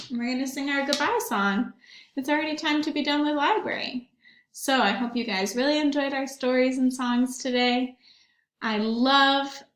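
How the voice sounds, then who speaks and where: A woman with a high voice leads a children's song and movement session. She speaks slowly and encouragingly, breaking into short sing-song rhymes. The room sounds echoey. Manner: bright, encouraging, sing-song with little songs. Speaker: children's librarian leading story time. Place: at home, recorded remotely.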